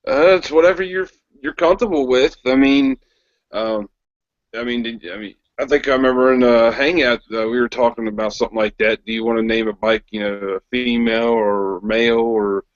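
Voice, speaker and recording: A man in a casual chat, speaking hesitantly with many pauses and restarts. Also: medium pitch, fairly even intonation, no echo, dull audio. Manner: hesitant, lots of ums and restarts.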